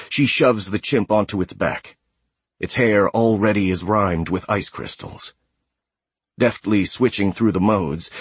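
A man narrating a sci-fi audiobook in a steady, measured way. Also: on the low side, slightly rough, dry recording. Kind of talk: scripted narration.

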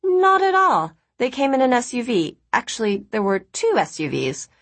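A woman's voice: fairly high pitch, wildly swooping pitch, normal speed, fairly bright tone, pitched above the performer's own voice, heavily acted. A woman voicing a polite, puzzled young guest.

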